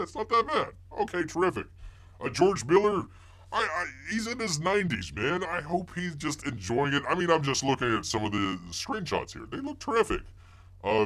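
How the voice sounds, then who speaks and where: A man's voice: mid-range voice, a bit bright. A middle-aged man hosting a live stream, rambling through movie news and chat comments while calling himself by a nickname in the third person and playing up mock outrage.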